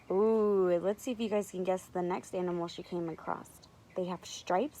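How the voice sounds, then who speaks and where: A woman teacher reading a picture book aloud to young children, animated, stopping to ask them to guess. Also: mid-range voice, normal speed, hardly any pauses, low-quality recording. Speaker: preschool teacher.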